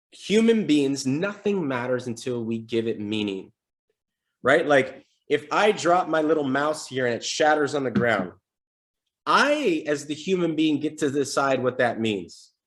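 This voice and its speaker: A man coaching salespeople on a live stream, talking casually and energetically and acting out sample sales calls. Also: mid-range voice. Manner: energetic, conversational teaching with role-played examples. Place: home desk setup.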